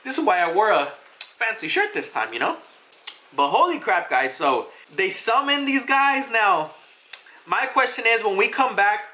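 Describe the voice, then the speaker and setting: A young adult fan reviewing a manga chapter in a rush of excitement, cursing and laughing as they go. The voice is bright and forceful, and the pitch leaps up and down all the way through. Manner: hyped, swears freely, laughs often. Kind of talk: excited casual commentary.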